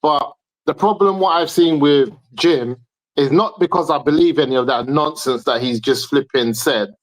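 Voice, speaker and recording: A man's voice: fairly high pitch, normal speed, rough recording. A man arguing his point emphatically in a heated football debate, repeating himself for stress.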